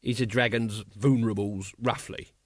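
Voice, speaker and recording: Man putting on a drawling sarcastic guard, flat and unbothered, dry sound. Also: on the low side, moderate pace, no echo, lightly acted. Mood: deadpan. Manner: mild, unimpressed, drawling. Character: dry, sardonic male guard.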